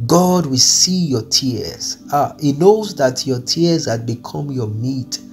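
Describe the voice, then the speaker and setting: A man's voice: medium pitch, slow pace, faint music behind. A man delivering an earnest, pleading devotional sermon, repeating his phrases as he speaks. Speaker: preacher. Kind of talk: devotional sermon over music.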